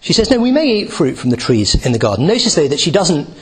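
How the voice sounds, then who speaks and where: A man's voice: on the high side, big pitch swings, quick pace, breathy edge. A man giving a Bible teaching talk, reading a passage and explaining it with many restarts and asides. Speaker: preacher.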